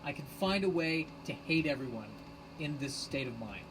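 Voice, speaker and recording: A man hosting a rambling solo live stream on his phone, sarcastic and self-mocking, bursting into shouted rants. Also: fairly high pitch, animated, normal speed, slight background noise, poor audio. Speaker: podcast host streaming live.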